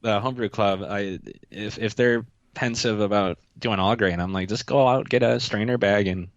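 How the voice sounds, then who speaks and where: A man's voice: fairly low pitch, fairly even intonation, moderate pace, dry recording, dull audio. A man speaking as a guest brewer in a casual chat, easygoing with frequent fillers.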